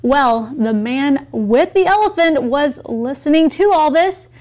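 A woman co-hosting a lesson, retelling a story slowly and clearly for learners. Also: sits high, expressive, a little mellow. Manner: slow, clear, explaining. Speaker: co-host and teacher.

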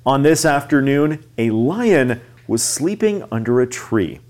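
Lively-voiced male English teacher. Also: mid-range voice, a little slow. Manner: friendly explaining, addresses listeners as friends. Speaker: co-host of an English lesson.

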